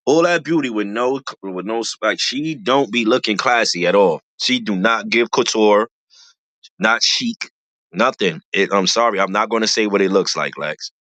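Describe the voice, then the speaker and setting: A reality show commentator in casual commentary, slangy and animated, repeating lines for emphasis, with a voice that jumps high when excited. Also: normal speed, no echo.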